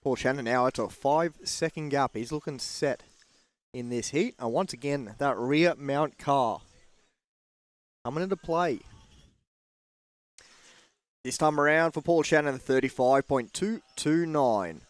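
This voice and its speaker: A man giving play-by-play race commentary with steady lap calls. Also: medium pitch, measured pace, long pauses, dry recording.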